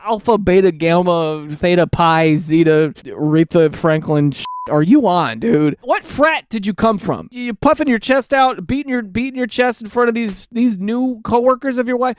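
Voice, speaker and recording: Male comic commentator, lively swooping delivery, dry close sound, sarcastic rants. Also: sits high, normal speed, hardly any pauses, no echo. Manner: animated, sarcastic ranting with mock-outraged questions. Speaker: online commentator reading forum posts. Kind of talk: comedic reaction commentary.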